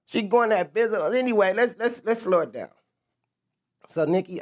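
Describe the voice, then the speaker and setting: High-voiced man rambling on a livestream. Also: normal speed, pauses often. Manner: stammering, restarting phrases, laughing it off. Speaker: rapper on a livestream.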